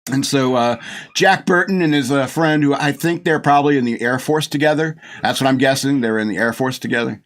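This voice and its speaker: A man's voice: mid-range voice, fairly quick. Rambling, laughing male podcast host. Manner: rambling and gushing, laughs often, acts out movie lines. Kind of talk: casual movie review chat.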